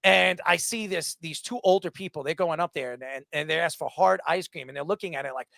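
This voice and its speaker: High gravelly New man hosting. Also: brisk, dry recording. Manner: animated storytelling with mock voices. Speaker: podcast host. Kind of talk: casual chat.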